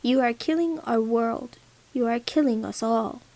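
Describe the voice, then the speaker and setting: A woman voicing a grave male archer general who speaks steadily and forcefully. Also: fairly high pitch, unhurried. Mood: defiant.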